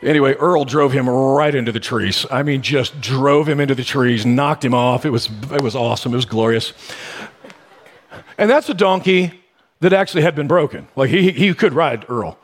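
A man delivers a sermon in a loose, conversational manner, slipping into stories and lively asides. His voice has a husky, slightly rough edge at an ordinary middle pitch. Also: normal speed. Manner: conversational storytelling with sudden animated bursts. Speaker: pastor.

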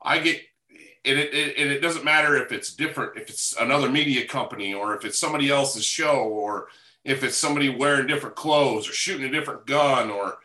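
A man's voice: medium pitch, a little fast, bright, forceful tone. A man in casual conversation, agreeing and reflecting emphatically. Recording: echoey room.

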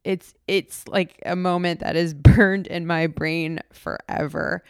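A young woman tells a personal story with emotion, stumbling through fillers and restarting her sentences. Her voice sits a little low and sounds smooth. The recording is dry and close, with no room sound. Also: fairly even intonation, takes it slowly, no echo, soft background music. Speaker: podcast host.

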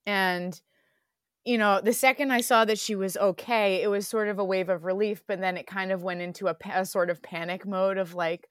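An earnest woman speaking as an interview guest, reflective and unhurried in her telling. Her pitch sits in a middle range. The recording is dry and close. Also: no room sound. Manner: reflective, many fillers, earnest. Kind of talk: interview storytelling.

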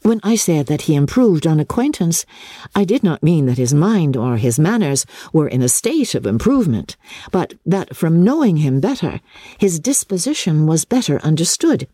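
A woman reading aloud, voicing a clever young woman who speaks in a bright, poised, lightly ironic way. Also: low voice, sing-song, normal speed, slightly rough, no echo, studio quality, exaggerated voice. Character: clever, composed young woman, cool toward a suitor.

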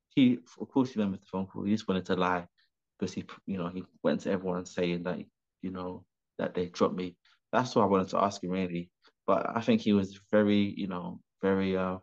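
A man, a professional boxer, talking animatedly and rambling with restarts and swearing in a remote interview. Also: low-pitched. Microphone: video call. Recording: dull lo-fi video call audio.

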